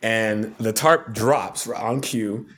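A man, a television producer and podcast guest, telling stories in a casual, animated way and laughing often. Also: fairly low pitch, extremely slow. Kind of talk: casual storytelling.

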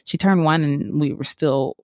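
A woman's voice: sits low, normal speed, darkish tone, no echo, studio quality. A woman from the American South, a podcast host, telling her own story in a rambling, casual way with lots of fillers and frequent laughs.

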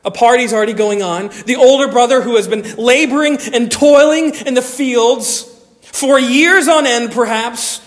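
A man pastor preaching a sermon, expressive, moving between loud emphasis and quiet asides. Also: very high voice, normal speed, in a large hall. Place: church sanctuary.

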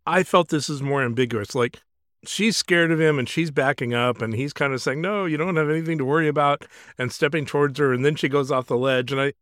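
A man's voice: mid-range voice, brisk, fairly bright tone, no echo. Chuckling man giving opinions, dry. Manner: chatty, laughs often while giving opinions. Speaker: podcast co-host. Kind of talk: casual discussion.

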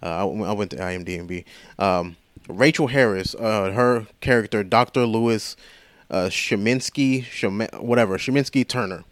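A man's voice: on the low side, normal speed, dry recording. A man hosting a podcast, retelling a movie in a casual, profane, rambling way. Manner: profane, rambling, animated retelling with quoted voices. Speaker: podcast host.

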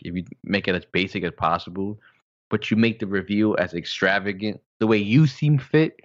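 A man co-hosting a casual podcast, telling relaxed stories about his house with jokey asides. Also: on the low side, muffled recording. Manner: laid-back storytelling, jokey asides. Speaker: podcast co-host. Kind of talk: casual chat.

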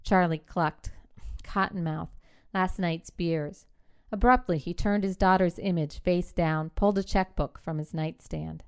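A woman reading a short story aloud in measured, clipped phrasing. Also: fairly low pitch, steady tone, darkish tone, clean tone. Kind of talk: literary fiction reading.

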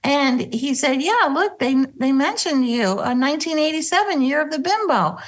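A middle-aged woman, a former sketch comedy cast member, telling animated stories in a casual interview and acting out the quotes. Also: normal speed, rough recording. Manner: animated, acts out quotes, drops into a low voice for bits.

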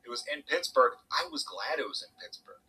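Young male podcast guest, rapid and bright, husky edge, animated storyteller. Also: on the high side, low-quality recording. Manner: animated storytelling, swearing, quoting others. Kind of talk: casual chat.

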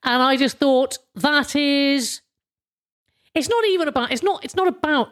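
A British woman talks through a loose, rambling podcast monologue. Her voice sits a little on the high side, and she chuckles and swears freely as she goes. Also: a little slow, fairly bright tone. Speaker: podcast host. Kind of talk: casual monologue.

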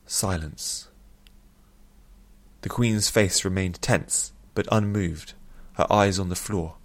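Low-voiced male fantasy narrator. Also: steady tone, slow pace. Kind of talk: scripted fantasy audiobook narration.

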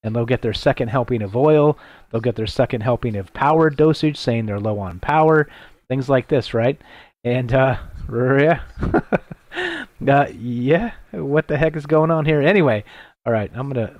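A man's voice: medium pitch, moderate pace, dry recording, muffled recording. A man hosting a casual late-night radio talk show from a laptop while on the road, rambling and poking fun at his own stumbles. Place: traveling, broadcasting from a laptop.

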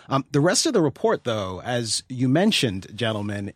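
A man's voice: mid-range voice, lively intonation, moderate pace, no echo, studio quality. Tipsy man co-hosting a podcast. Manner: wry, rambling, many ums and restarts. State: a little drunk. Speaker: podcast co-host. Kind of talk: casual podcast chat.

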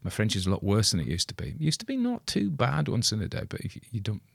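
A man's voice: on the low side, wildly swooping pitch, fast talker, vocal fry, husky, no room sound. A middle-aged man, chatting in a rambling, wry, self-deprecating way about a story he has read. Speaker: audiobook reader commenting on a story. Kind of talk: rambling casual commentary.

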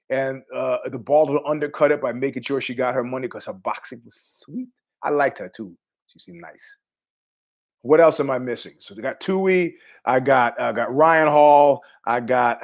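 Animated, laughing man hosting a podcast. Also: fairly high pitch. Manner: animated storyteller, laughs often, swears freely. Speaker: podcast host. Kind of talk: casual rambling commentary.

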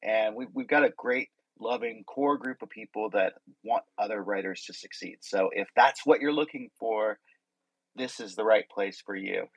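A man's voice: lowish voice, normal speed, slightly rough, no room sound, poor audio. A man hosting a casual group conversation, welcoming and rambling with many restarts, in a slightly sick voice. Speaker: host. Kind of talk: casual group chat on a live audio stage.

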